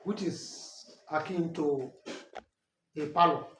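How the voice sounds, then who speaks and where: A man's voice: fairly high pitch, takes it slowly, fairly bright tone. A Nigerian man whose first language is Ikwerre, giving an earnest, corrective talk that explains names and dialect words. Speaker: language and culture teacher. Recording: roomy echo from a distant mic, faint noise.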